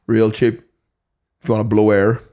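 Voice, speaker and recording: A man's voice: fairly low pitch, monotone, muffled recording. A young Northern Irish man co-hosting a podcast, telling sweary anecdotes in casual chat. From Northern Ireland. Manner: swears freely, quick anecdotal storytelling. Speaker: podcast co-host.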